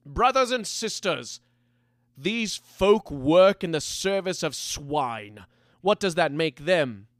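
A man's voice: medium pitch, mellow, dry recording, clean studio sound, natural voice. A man voicing Silas, a sly rebel mage. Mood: menacing. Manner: slow, sly and menacing. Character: cruel charismatic male rebel mage leader.

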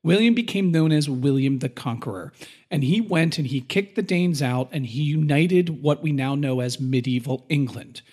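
A man co-hosting a casual podcast, explaining medieval history in plain terms and now and then acting out quick quoted voices. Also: fairly high pitch, expressive, darkish tone, husky. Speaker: podcast co-host.

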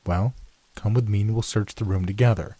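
A man's voice: on the low side, brisk, dark tone, no echo, natural voice. A man voicing an anxious, earnest young male student, urgent and pleading.

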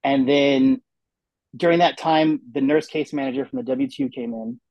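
A man's voice: mid-range voice, very animated, moderate pace, creaky, dry recording, lo-fi sound. A man telling a personal story in casual conversation, acting out the people he quotes. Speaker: guest telling his story.

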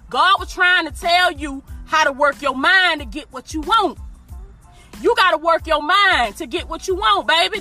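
A woman's voice: sits high, bright, forceful tone. A woman preaching informally and emphatically, repeating her phrases and talking straight to her listeners. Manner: emphatic, repeats phrases, addresses listeners directly with y'all and baby. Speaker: motivational preacher.

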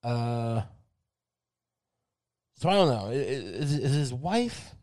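A man's voice: medium pitch, sing-song, slow pace, a little mellow. A man delivering a rambling comedic monologue in a sardonic, crude tone. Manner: rambling and sardonic, with frequent fillers and crude swearing.

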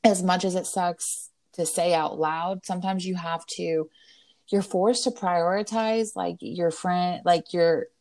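A woman's voice: lowish voice, steady tone, a little slow, darkish tone, dry recording. A woman, co-hosting a podcast and telling emotional stories in casual chat. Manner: emotional storytelling, Southern "y'all", acts out quotes. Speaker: podcast co-host.

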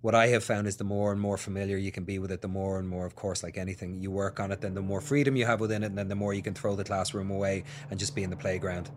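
A man's voice: low-pitched, flat delivery, fast talker, few pauses, slight background noise. A man with an Irish accent, a guest actor thinking aloud in a casual podcast interview. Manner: reflective, searching for words.

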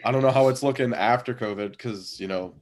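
A man in his thirties telling a story in a relaxed, rambling way, full of fillers and laughing at himself. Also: medium pitch, a little fast. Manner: laid-back, rambling with many fillers and frequent laughs. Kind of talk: casual storytelling chat.

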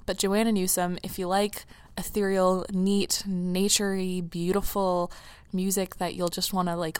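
A woman's voice: on the low side, smooth, dry recording. A young woman in her teens hosting her own casual podcast, gushing and rambling emotionally with restarts, close to tears. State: near tears. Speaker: podcast host. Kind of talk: casual solo podcast chat.

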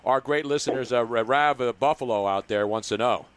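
A man's voice: medium pitch, a little fast. A man hosting a sports talk radio show, bantering in a boisterous, joking, rambling way.

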